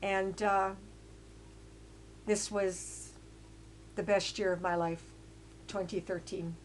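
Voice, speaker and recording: An older woman from Canada narrating her life story over photos in a rambling way, with many fillers and restarts, growing loud and emphatic as she gets indignant. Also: mid-range voice, steady tone, slow pace, a little hiss or hum. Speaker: autobiographical storyteller.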